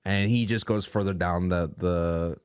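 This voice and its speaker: A man co-hosting a casual podcast, running the segment with brisk prompts and quick quips. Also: low-pitched, steady tone, clear, resonant tone, dry recording, studio quality.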